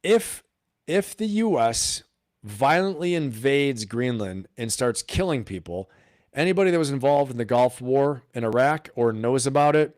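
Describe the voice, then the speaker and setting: A man hosting a casual live stream, talking straight to his viewers, animated and full of rhetorical questions. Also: medium pitch, no room sound, studio quality.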